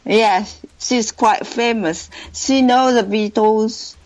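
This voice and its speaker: Female radio caller, halting hesitant English, slow unhurried delivery. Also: on the high side, steady tone, a little mellow, highs cut off. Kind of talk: phone-in call.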